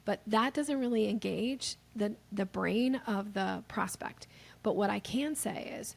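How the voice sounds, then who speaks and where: A woman guest on a podcast explaining sales techniques, lively and animated, acting out the voices of the people she quotes. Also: medium pitch, normal speed, creaky.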